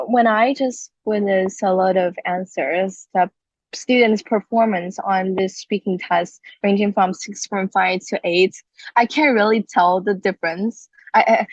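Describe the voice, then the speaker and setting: A woman's voice: medium pitch, dry recording, muffled recording. Hesitant woman student on a dry call. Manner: hesitant, with fillers and restarts, non-native grammar. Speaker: IELTS student. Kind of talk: asking questions in a lesson. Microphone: online video call.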